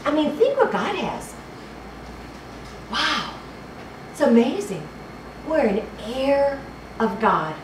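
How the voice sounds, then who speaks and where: A woman's voice: sits high, sing-song, slow, pauses often. A woman preacher giving a fervent sermon, repeating phrases and fumbling for the right verse. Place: church hall. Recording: echoey hall, distant mic, background noise.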